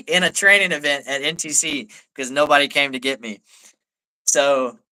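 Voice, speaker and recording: A man's voice: medium pitch, sharp tone. A man, an army staff sergeant, telling a story in a laid-back way as a guest on a live talk show, with lots of "like". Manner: laid-back, peppers speech with "like".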